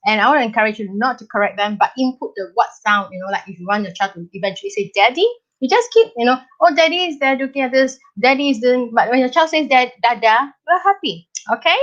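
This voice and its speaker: Animated Singaporean woman teaching parents. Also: a little high, quick pace, dull audio. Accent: Singaporean English. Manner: animated, chatty, repeats "okay?" and "right?". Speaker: parenting educator, live session host. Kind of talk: live-stream parenting talk to viewers.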